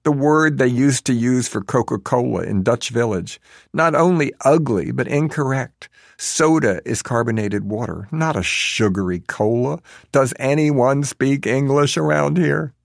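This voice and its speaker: Wry gravelly-voiced male narrator. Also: medium pitch, lively intonation, normal speed, no echo, studio quality. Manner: wry and sardonic. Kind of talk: audiobook narration.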